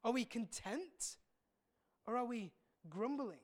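With a very high voice and an animated delivery, a male pastor preaches a sermon. He sounds earnest and reflective, pausing often and repeating words as he goes.

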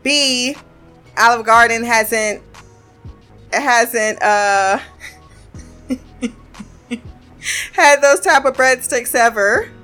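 Chatty high-voiced woman recapping a show. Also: sharp tone, soft background music. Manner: chatty, laughing, quoting characters in quick bits. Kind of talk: casual episode recap.

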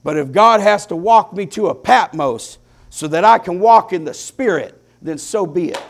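A man preaching a sermon, with impassioned swings between hushed, quiet lines and loud climaxes, drawing his phrases out slowly. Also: high-pitched, animated, creaky. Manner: slow, deliberate preaching with drawn-out phrases.

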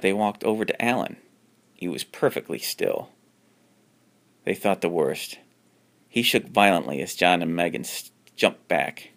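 A man reading his own homemade horror story aloud, stumbling and restarting often, and jumping up in pitch for the characters' lines. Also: gravelly. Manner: unpolished reading with frequent restarts.

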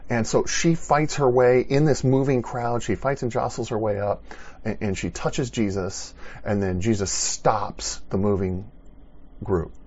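A man preaching a sermon, retelling a story with animated, restarting delivery. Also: fairly low pitch, unhurried, breathy edge, highs cut off. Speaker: pastor.

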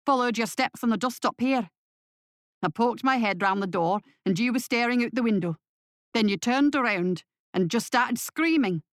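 A woman voicing a gruff, practical male thief who talks bluntly and dismissively, in a storybook reading. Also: fairly high pitch, animated, moderate pace, dry recording, clean studio sound, close to an everyday voice.

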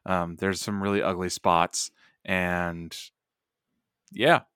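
A man's voice: low voice, flat delivery, slow, fairly bright tone, smooth, no room sound. A man co-hosting a wrestling podcast, chatting casually with dry, sarcastic jokes. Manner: sarcastic, joking. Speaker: podcast co-host. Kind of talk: casual chat.

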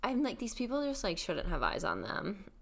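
A woman co-hosting a podcast in casual chat, chatty and expressive, laughing along. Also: medium pitch, moderate pace, creaky. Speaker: podcast co-host.

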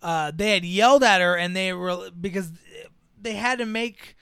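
A man's voice: high voice, moderate pace, creaky, pushed and bright, smooth, no room sound. A man in a casual movie discussion who acts out the characters in exaggerated voices and swears freely.

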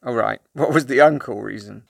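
A man's voice: mid-range voice, fairly quick, creaky, breathy edge, no room sound. A man co-hosting a podcast, chatting casually and teasing his co-host. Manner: teasing, playful banter. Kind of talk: casual chat.

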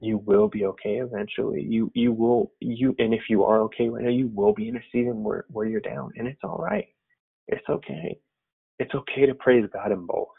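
Speaking at a normal speed, he loosely recounts his own faith story, earnest and reflective, with lots of filler words. His voice sits fairly low, husky and gravelly, and the sound is tinny and thin, as though it's coming through a phone.

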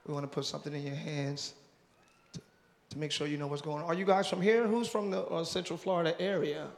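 Fast-talking, with fairly high pitch, fairly even intonation and vocal fry, a male pastor banters with his congregation in a large church auditorium. He jokes around and welcomes visitors as live crowd noise fills the room.

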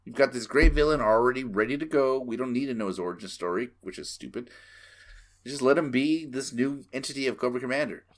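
A man co-hosting a podcast, talking through a film in casual chat, animated and swearing freely. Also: medium pitch, brisk. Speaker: podcast co-host. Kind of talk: casual movie discussion.

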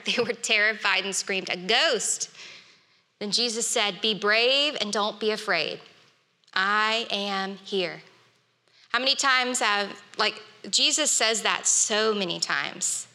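A woman's voice: mid-range voice, bright, forceful tone. A woman preaching a sermon in an earnest, conversational way, with casual fillers. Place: church hall. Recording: long reverb of a church hall.

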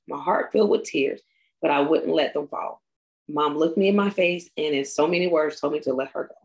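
A young woman reading a personal memorial tribute aloud, tearful and halting, stumbling and restarting as she goes. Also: low-pitched, poor audio. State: tearful, crying.

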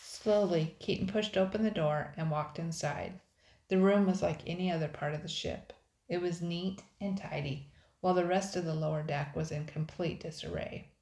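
Sex: woman. Style: storybook reading, measured. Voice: low. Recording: echoey room. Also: steady tone, a little mellow. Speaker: narrator.

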